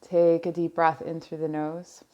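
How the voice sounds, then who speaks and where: Slow, low-voiced woman reading tarot. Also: completely flat delivery, dull audio. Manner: slow, soft-spoken, searching pauses. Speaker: tarot reader. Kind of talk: pick-a-card tarot reading. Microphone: headphones on, close mic.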